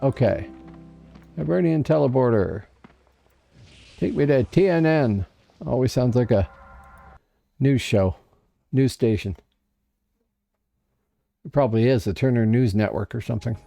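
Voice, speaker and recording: A man's voice: mid-range voice, a little slow, gravelly, pauses often, warm tone, faint music behind. A man casually commenting on his gameplay on a livestream, chatting to himself and to viewers in chat. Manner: chatty, talks to himself and chat while playing. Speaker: livestream gamer.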